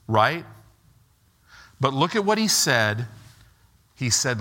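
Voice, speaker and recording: Guy preaching a sermon real slow and deliberate, bright tense voice, acts out the quotes. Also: lively intonation. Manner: preaching, acts out quoted lines with pitch swings. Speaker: pastor.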